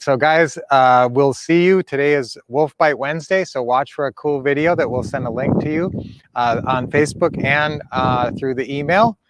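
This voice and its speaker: A man's voice: mid-range voice, no room sound. Folksy middle-aged man coaching, dry sound. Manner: rambling, folksy, full of fillers. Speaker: real estate coach, show host. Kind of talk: casual coaching livestream.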